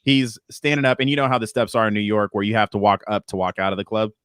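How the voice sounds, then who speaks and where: A male podcast co-host in casual chat, telling an animated story and acting out the voices of the people in it. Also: lowish voice, quick pace, smooth, no room sound, studio quality.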